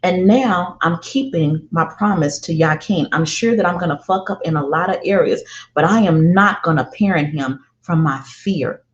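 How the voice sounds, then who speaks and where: Middle-aged mom telling a story, lowish voice, kinda echoey and muffled. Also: female voice. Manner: emphatic, slow and deliberate with heartfelt repetition. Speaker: parenting speaker. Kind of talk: personal storytelling monologue. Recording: roomy, dull lo-fi sound.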